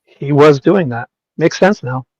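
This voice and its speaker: A man co-hosting a casual chat, bantering in a dry, deadpan way. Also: a little high, unhurried, husky, dry recording, dull audio.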